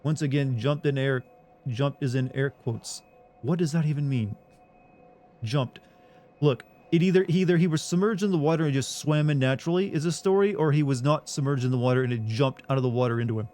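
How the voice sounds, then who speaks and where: A man's voice: mid-range voice, fairly quick, a little mellow. A man streaming a game who argues with his chat in a casual, sarcastic way, swearing freely and sounding incredulous.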